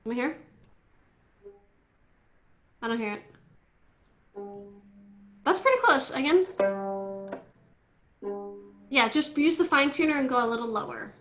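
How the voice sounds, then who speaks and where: A woman teaching an online violin class, coaching students through tuning in a brisk, directive way over a video call. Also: high-pitched, lively intonation, a bit bright, soft background music. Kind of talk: online group class instruction. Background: faint violin notes from students.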